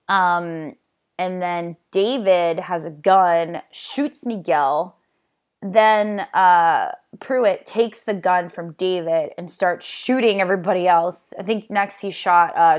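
Chatty woman recapping a film plot. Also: fairly low pitch. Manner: chatty, filler-heavy, with frequent "um" and "like". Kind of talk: casual movie plot recap.

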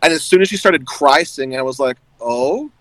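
A man's voice: fairly high pitch, quick pace, background noise. A man in casual chat who rambles with lots of "like" and laughs often.

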